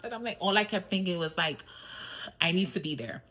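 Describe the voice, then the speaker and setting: A woman's voice: sits low, animated, brisk, pushed and bright, slight background noise, poor audio. A middle-aged woman hosting a podcast, candidly and reflectively telling personal stories in a casual, filler-filled monologue. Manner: switches briefly into Spanish. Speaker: podcast host.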